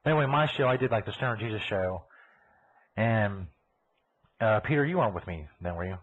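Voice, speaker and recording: A man's voice: on the low side, animated, fairly quick. A man hosting a live comedy radio show, rambling and profane as he chats in character, laughing at his own jokes. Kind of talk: rambling comic chat in character. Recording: tinny phone-like lo-fi audio.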